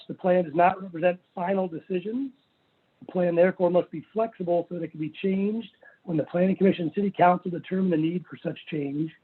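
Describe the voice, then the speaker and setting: Man, slightly high voice, husky tone, earnest and methodical, tinny phone-like call audio. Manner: earnest, methodical, reads passages aloud. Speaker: property owner applicant. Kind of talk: public hearing presentation. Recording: phone-like virtual meeting audio.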